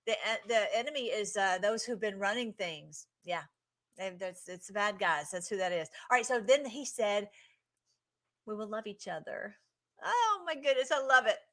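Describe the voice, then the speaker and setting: A woman's voice: medium pitch, moderate pace, bright, forceful tone. A woman hosting a casual livestream, commenting on clips in an effusive, emotional way with many restarts.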